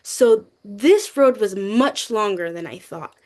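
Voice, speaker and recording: Animated young woman sharing a testimony. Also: takes it slowly. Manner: animated, talkative, acts out quotes with rising pitch. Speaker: youth testimony speaker. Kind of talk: personal testimony.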